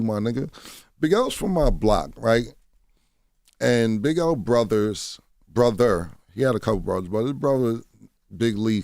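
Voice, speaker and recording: A man with a lowish, creaky, slightly mellow voice tells candid stories as a guest on a radio show. He's blunt, curses often, and repeatedly asks "you know what I'm saying." The studio mic captures him with no room sound, at studio quality.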